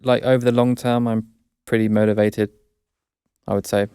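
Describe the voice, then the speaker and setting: A young English man with an English accent, chatting casually as a guest, hesitant and self-correcting, quick to laugh. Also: fairly low pitch, flat delivery, dark tone, clean tone, no echo, clean studio sound. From England. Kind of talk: casual chat.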